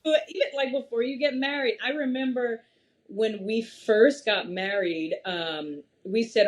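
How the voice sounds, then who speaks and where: A woman in her thirties, a podcast guest in casual conversation, telling stories in an animated way and laughing often. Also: fairly high pitch, measured pace. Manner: animated storytelling with frequent laughs.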